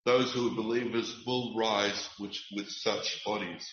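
A man preaching a sermon in an earnest, emphatic and measured way, with occasional restarts. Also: fairly low pitch, fairly even intonation, a bit bright, echoey room, lo-fi sound. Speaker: pastor.

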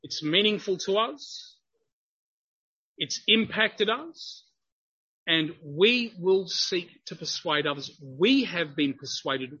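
A male preacher with a high, bright voice and a slightly husky edge delivers an earnest sermon. He builds to emphatic stretches as he explains his text. The recording sounds a little dull and lo-fi. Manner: earnest, grows emphatic when quoting.

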